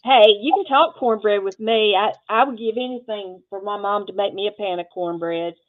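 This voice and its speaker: A woman's voice: mid-range voice, moderate pace, narrow, tinny audio. A woman guest on a craft stream, chatting casually and telling stories with emphasis over a video call. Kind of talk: casual chat.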